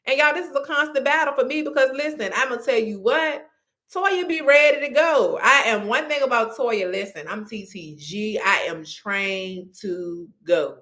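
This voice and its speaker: Woman host, lively faith pep talk that calls listeners honey and y'all. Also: high-pitched, moderate pace. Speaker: podcast host.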